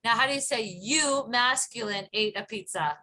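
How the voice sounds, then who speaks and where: Bright-voiced woman teaching over a video call. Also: fairly high pitch, moderate pace, slight background noise. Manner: patient, drills phrases aloud, laughs often. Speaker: Hebrew teacher. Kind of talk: online class instruction.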